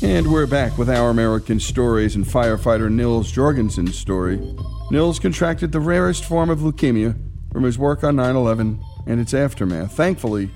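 A man hosting a storytelling radio show, introducing and summing up a guest's story in a measured way. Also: mid-range voice, lively intonation, darkish tone, soft background music. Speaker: host.

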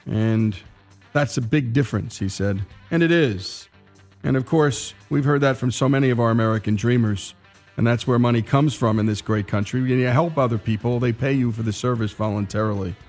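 Male radio host, folksy, talks directly to the audience, mid-pitched. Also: brisk, darkish tone, soft background music. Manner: folksy, addresses listeners directly. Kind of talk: radio show segment wrap-up.

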